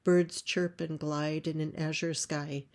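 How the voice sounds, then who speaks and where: A woman reading a play script aloud, describing stage directions in a measured way. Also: low voice, little pitch movement, a little mellow. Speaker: playwright reading her script.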